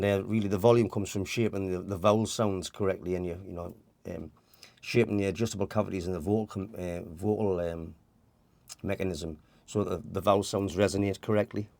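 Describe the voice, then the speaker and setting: A man's voice: on the low side, vocal fry, a little mellow, dry recording. A man giving an informal voice lesson, rambling and restarting as he explains and demonstrates vowel sounds. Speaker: voice teacher.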